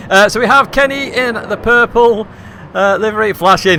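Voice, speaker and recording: A man with a bright, forceful voice, commentating a live online race in a chatty, rambling way full of fillers. His pitch sits a little high for a man, and his voice is slightly hoarse. He streams from a hot room at home. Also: lively intonation, normal speed, a little hiss or hum.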